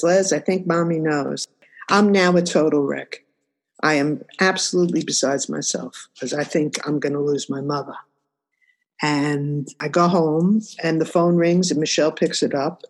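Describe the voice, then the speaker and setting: An older woman from New York telling her life story in a reflective, conversational way, often saying "you know". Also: fairly low pitch. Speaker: interviewee. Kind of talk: personal storytelling.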